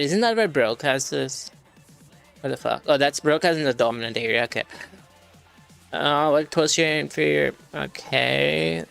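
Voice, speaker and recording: Gravelly man muttering through study questions. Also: on the high side, a bit bright. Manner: muttering, swears in frustration, reads questions aloud. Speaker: streamer. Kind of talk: casual study stream.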